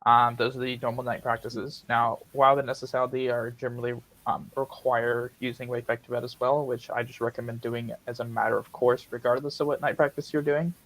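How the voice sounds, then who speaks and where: A man's voice: medium pitch, little pitch movement, fairly quick, few pauses, fairly bright tone, poor audio. A young man hosting a live Q&A stream, answering chat questions in a blunt, direct way. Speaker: host of a lucid dreaming Q&A stream. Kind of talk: casual livestream chat.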